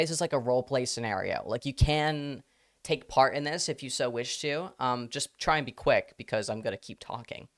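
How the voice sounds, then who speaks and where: A live streamer talking casually to their audience at a middle pitch. The talk rambles, breaks into laughter often and drops curse words freely. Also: a bit bright.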